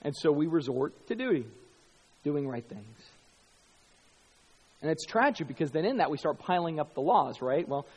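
A man's voice: a little high, expressive, moderate pace, pauses often, slightly rough, in a large hall. A middle-aged man preaching a sermon as pastor, telling a story animatedly and acting out the quoted lines himself.

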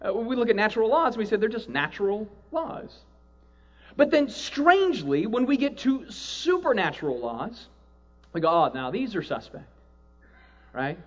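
Male preacher, high voice, animated sermon, acts out voices, dull lo-fi recording. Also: moderate pace. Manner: animated, acts out quoted voices, asks "right?" often. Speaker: pastor.

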